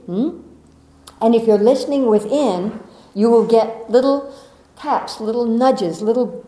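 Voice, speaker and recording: Gentle woman speaking in an echoey room. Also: on the high side, animated, unhurried. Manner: gentle, coaxing, with rhetorical questions. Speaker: spiritual teacher. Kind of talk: inspirational talk to a gathering.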